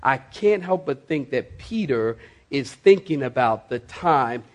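A man preaching a sermon to a congregation in a church, slowing down sharply to stress key phrases and rising in emphatic bursts. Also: mid-range voice, lively intonation. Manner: preaching with dramatic slowdowns and sudden rises. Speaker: pastor. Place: church sanctuary.

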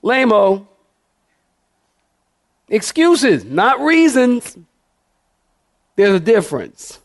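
A man's voice: high-pitched, huge pitch swings, drawn-out words, no echo, studio quality. A middle-aged male pastor preaching a sermon, passionate and emphatic, calling on the congregation to respond.

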